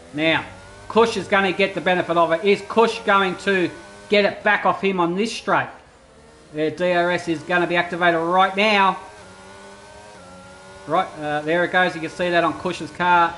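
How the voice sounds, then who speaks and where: High-voiced race commentator. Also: male voice, unhurried, slight background noise, low-quality recording. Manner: chatty, excitable bursts over steady play-by-play. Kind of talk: esports sim racing commentary.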